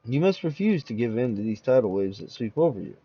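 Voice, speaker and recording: A man playing a calm, formal male doctor who speaks in a measured, clinical way. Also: mid-range voice, slightly rough, muffled recording.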